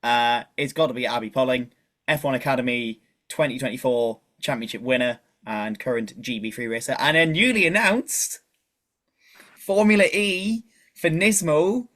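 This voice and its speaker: A man's voice: medium pitch, fairly even intonation, moderate pace, fairly bright tone. A man chatting casually as a podcast guest, talkative and self-deprecating. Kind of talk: casual chat.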